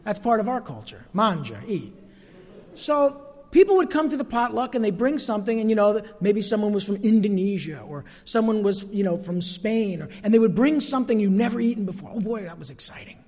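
In long hall reverb, a pastor with a mellow voice that sits high preaches at a fairly quick pace. He's emphatic at the pulpit, drawing out key phrases and asking the congregation for amens.

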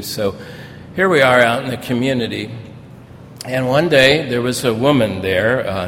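An older man preaching as a pastor, telling personal stories in a folksy, storytelling way that grows animated in places. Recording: reverberant hall with faint rumble.

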